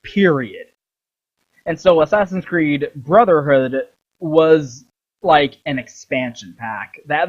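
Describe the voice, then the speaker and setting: A young man rambling through game commentary with plenty of swearing, acting out the quotes as he goes. His voice sits fairly high, and the sound is dull and lo-fi. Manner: profane, rambling, acts out quotes. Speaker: video host.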